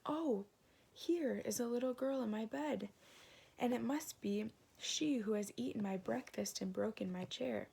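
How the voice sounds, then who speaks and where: A woman voicing a squeaky, upset little boy bear cub in a storybook reading. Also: unhurried, gravelly, mellow, husky, heavily acted. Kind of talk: storybook read-aloud.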